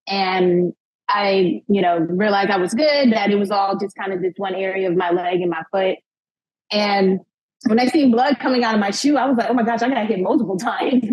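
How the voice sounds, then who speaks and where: A young woman tells a personal story as an interview guest, with a husky, slightly breathy voice. She talks in an animated way and acts out what people said. The sound is dull and lo-fi, like a modest podcast recording. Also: mid-range voice. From United States. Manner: animated retelling, acting out quotes, frequent laughs and "like".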